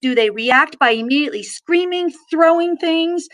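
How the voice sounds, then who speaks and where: A middle-aged woman teaching a mindfulness lesson, gently guiding listeners through gestures and slow breaths. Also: high-pitched. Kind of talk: guided mindfulness lesson for children.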